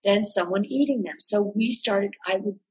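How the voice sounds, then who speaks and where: A woman artist from the Midwest, telling animated, self-mocking stories in an interview. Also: medium pitch, moderate pace, breathy edge, poor audio. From American Midwest. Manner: animated, self-mocking, acts out voices, many restarts. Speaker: artist recalling her early work. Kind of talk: storytelling interview answers.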